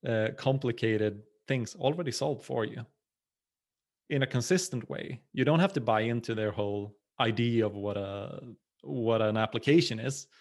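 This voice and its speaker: A man's voice: medium pitch, moderate pace. Laughing, enthusiastic man on a podcast. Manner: enthusiastic, laughs often, hesitant. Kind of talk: casual podcast chat.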